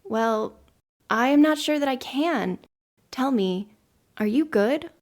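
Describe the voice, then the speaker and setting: Woman doing an odd village girl for a storybook, aloof and teasing, a touch higher than her own voice. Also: animated, slow, heavily acted. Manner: cool, unconcerned.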